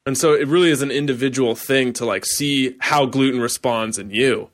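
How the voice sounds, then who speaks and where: A man's voice: medium pitch, moderate pace. Casual conversational male podcast host. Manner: casual, conversational, filler-heavy. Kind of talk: podcast interview.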